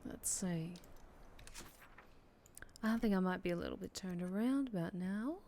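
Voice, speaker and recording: A woman's voice: lowish voice, a little slow, dark tone, a little hiss or hum. A woman streaming a game, thinking aloud in casual, hesitant chat full of fillers. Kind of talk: casual gameplay commentary.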